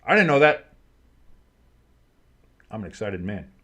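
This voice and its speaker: A man hosting a fan stream, calling football play-by-play with crude asides and loud bursts on big plays. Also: lowish voice, unhurried. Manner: excitable, crude jokes, shouts on big plays. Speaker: play-by-play host.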